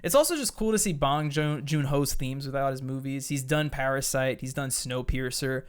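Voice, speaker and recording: A man's voice: mid-range voice, normal speed, clear, resonant tone. A man hosting a casual podcast chat, rambling and enthusiastic, full of fillers and swearing. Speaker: podcast host.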